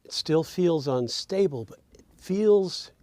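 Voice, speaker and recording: A man teaching songwriting, thinking aloud as he drafts lyrics and quietly hums and sings the lines he is trying out. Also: fairly high pitch, animated, slow, dry recording.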